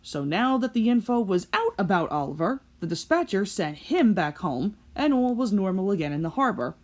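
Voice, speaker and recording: A woman hosts a video commentary in an earnest, reflective way, at a mid pitch. She talks thoughtfully about the episode with a guest. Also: sing-song, normal speed, darkish tone. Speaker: host.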